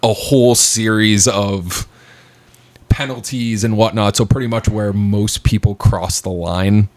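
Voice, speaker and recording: Recorded without echo, this male podcast co-host talks in a fairly low, steady, slightly mellow voice at a somewhat slow pace. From his home basement, he tells meandering, casual stories loaded with filler words.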